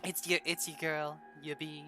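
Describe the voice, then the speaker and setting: A woman's voice: low-pitched, little pitch movement, normal speed, over loud music. A woman hosting a tabletop game stream as dungeon master, bubbly and giggly, chatting casually with her players.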